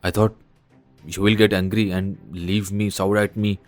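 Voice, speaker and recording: An actor playing a guilty, cheating husband who sounds flustered and pleading. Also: male voice, lowish voice, little pitch movement, normal speed, soft background music, natural voice.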